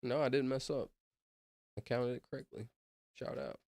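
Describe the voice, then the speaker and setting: A man's voice: medium pitch, steady tone, moderate pace, darkish tone, no echo. A man streaming while he counts aloud, chatting casually and drifting off topic as he talks to himself. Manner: rambling, easily sidetracked, talks to himself. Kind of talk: casual livestream chat.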